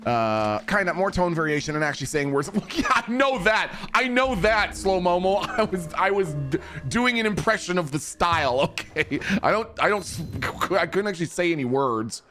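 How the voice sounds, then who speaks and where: A man streaming a video game, bantering with chat in an animated, profane way. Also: high voice, normal speed. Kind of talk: casual live gameplay commentary.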